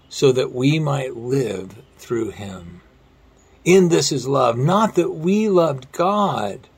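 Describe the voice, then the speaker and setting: A man preaching a sermon in an earnest way, slowing down and dropping his voice very low on quoted lines. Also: creaky, husky. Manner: earnest, slows and drops to near-whisper on quotes. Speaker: pastor.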